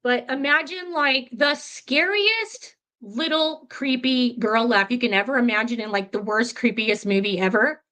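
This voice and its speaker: A woman guest telling a ghost story in an interview, animated and chatty, with many fillers. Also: a little high, measured pace, few pauses.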